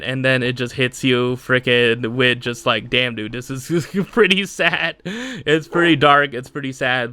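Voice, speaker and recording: A man's voice: mid-range voice, bright, forceful tone. A man hosting a podcast, talking casually on his own and rambling with lots of fillers and laughs. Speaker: podcast host. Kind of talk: casual solo chat.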